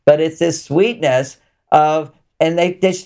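A man's voice: a little high, measured pace, a little mellow, smooth. A man with a somewhat raised voice chats in an interview, spinning anecdotes to explain relationship ideas. His delivery is loose and conversational, circling back to drive each point home. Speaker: relationship author and guest. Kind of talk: casual interview talk.

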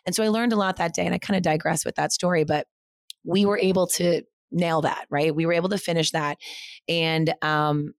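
Dry, lowish woman telling a story fast. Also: steady tone, no echo. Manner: rushing, heavy use of 'like'. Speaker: interview guest, studio co-founder. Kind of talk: casual personal storytelling.

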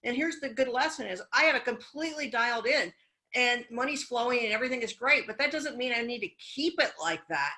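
A woman's voice: fairly high pitch, lively intonation, fairly quick, sharp tone, low-quality recording. Middle-aged woman coach, casual chat, shares her own stories, upbeat and encouraging. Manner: candid and encouraging, personal stories. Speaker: business coach and event host.

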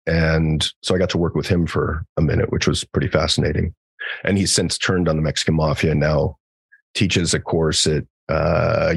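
Husky deep-voiced man telling stories. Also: no echo. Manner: animated storyteller acting out quoted dialogue; frequent fillers and restarts, casual swearing. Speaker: psychologist guest. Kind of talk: conversational podcast storytelling.

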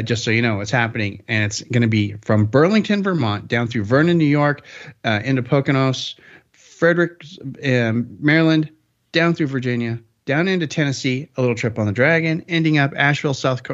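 A man hosts a podcast in an easygoing, rambling way. He keeps the talk upbeat and often corrects himself mid-sentence. The recording sounds a little dull and lo-fi. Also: mid-range voice. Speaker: podcast host. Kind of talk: casual podcast chat.

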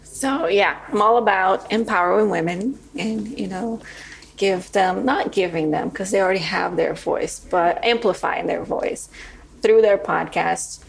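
A woman's voice: medium pitch, a little slow, vocal fry, slight background noise. A woman guest on a podcast, explaining her work in an earnest, step-by-step way. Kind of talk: casual interview chat.

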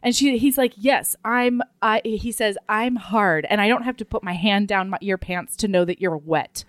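A woman in casual conversation, recapping a story with dry asides and quick corrections. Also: mid-range voice, no room sound. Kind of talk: casual chat.

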